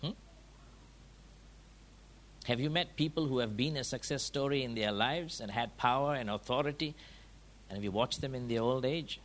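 A man preaching a sermon, driving his points home with rhetorical questions and quick checks like "huh?" and "yeah?", his volume rising and falling for emphasis. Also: mid-range voice. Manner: emphatic, swings between raised and dropped volume.

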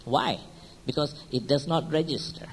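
Slight background noise and poor audio accompany a man preaching who constantly asks his listeners pointed questions and checks in with "hmm?" His delivery alternates between hushed, slow lines and sudden loud, high bursts.

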